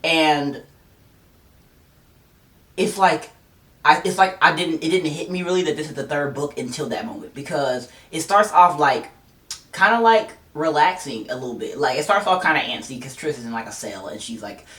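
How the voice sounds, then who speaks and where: A book vlogger chatting casually and excitably, gushing and quick to laugh. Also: mid-range voice. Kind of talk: casual chat. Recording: roomy, distant mic, faint music.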